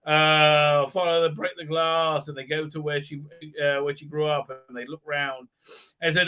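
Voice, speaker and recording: A man's voice: steady tone, normal speed, sharp tone, smooth. Mocking man ranting through an episode recap. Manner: mocking, mimics characters in exaggerated squeaky voices; heavy "uh, uh" fillers and repeated "right?". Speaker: channel host.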